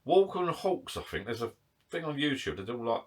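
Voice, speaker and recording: A man's voice: medium pitch, sing-song, a little fast. A man chatting casually to camera in his garden shed bar, rambling, self-mocking and a little out of breath. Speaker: vlogger.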